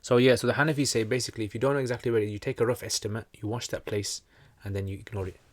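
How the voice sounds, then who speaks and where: On a relaxed livestream, a British host reads out viewers' questions about Islamic practice one at a time and answers each in an informal, chatty manner. His voice is medium in pitch and steady in tone, and he talks rapid-fire.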